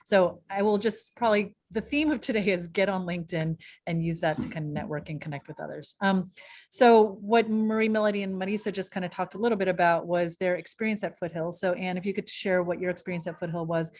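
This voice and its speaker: A woman's voice: fairly low pitch, a little fast, darkish tone, a little hiss or hum. A woman moderating a video-call panel, friendly and organizing, with frequent fillers.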